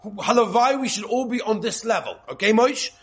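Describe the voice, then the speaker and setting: High-voiced man teaching with Yeshivish English. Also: normal speed. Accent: Yeshivish English with Hebrew and Yiddish terms. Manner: lively, repeats points, frequent "okay?" checks. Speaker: Torah teacher. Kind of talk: informal Torah class.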